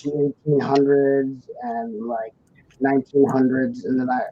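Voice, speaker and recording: Reading viewer comments on a live stream, a young adult host from Indiana chats casually, rambling with lots of "like" and laughing easily. The voice is mid-range, flat, and measured, and the stream audio is muffled with faint noise.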